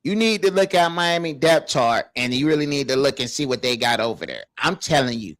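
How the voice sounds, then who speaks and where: A man hosting a casual sports talk show, animated, laughing and exclaiming often. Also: mid-range voice, fairly quick. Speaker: show host.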